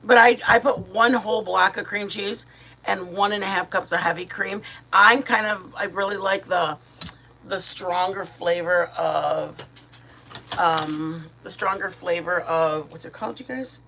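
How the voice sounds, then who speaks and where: A woman's voice: fairly even intonation, unhurried, vocal fry. A middle-aged woman from Michigan hosting a casual live stream, chatting with viewers by name and talking sweetly to her dogs. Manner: chatty, warm toward viewers, greets chat by name, talks to her dogs in a high baby voice.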